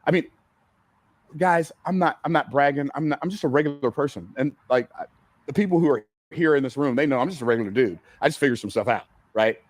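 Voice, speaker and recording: A man's voice: medium pitch, quick pace, no room sound. Guy coaching a seminar crowd, punchy and repetitive, dry close sound. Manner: emphatic, repeats key phrases, asks the audience questions. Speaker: business coach speaking on stage. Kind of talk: seminar teaching talk. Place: event room with a live audience.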